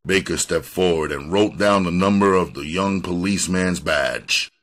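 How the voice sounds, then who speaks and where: A man's voice: sits low, normal speed, a bit bright. A man reading a crime novel aloud as an audiobook narrator, telling the story expressively. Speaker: audiobook reader.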